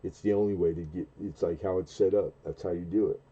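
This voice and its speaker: A man's voice: steady tone, husky, phone-quality sound. A man in his forties telling a long, rambling story on a casual late-night stream, often stopping and restarting mid-sentence. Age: 40s. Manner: rambling, halting, with many restarts and fillers; acts out quoted dialogue in a much higher, louder voice. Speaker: livestream host.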